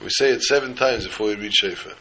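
A man giving a sermon as a rabbi, an animated storyteller who acts out scenes before he turns to teaching. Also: fairly low pitch, fast talker, breathy edge, rough recording. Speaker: rabbi teaching the weekly Torah portion.

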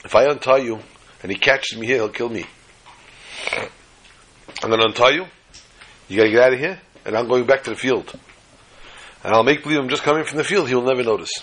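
A man voicing a frightened farmer's wife in a husky voice, speaking hushed and urgent. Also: medium pitch, a little fast, pauses often, low-quality recording.

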